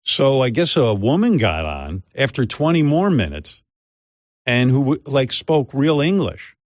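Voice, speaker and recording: Older guy on radio telling a rambling story, dry close mic, mid pitch. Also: unhurried, dry recording. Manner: rambling, animated, mimics others' voices in quotes. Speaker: radio host. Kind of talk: casual storytelling chat. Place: radio studio. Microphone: studio microphone.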